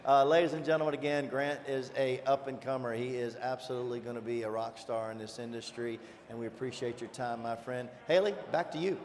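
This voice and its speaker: A man conducting an upbeat, loud live stage interview at an event. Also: medium pitch, fairly even intonation, fairly quick, few pauses, big-room sound. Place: convention stage.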